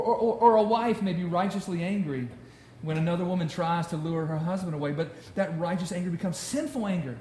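A man preaching a sermon to a congregation, animated and conversational, often repeating words as he goes. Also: fairly high pitch, slight background noise. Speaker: pastor. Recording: roomy hall sound.

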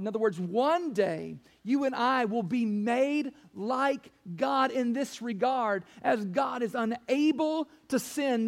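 Man, pastor, sermon, very high pitch, gravelly fry, emphatic repetition. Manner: preaching with emphatic rises and repeated phrases.

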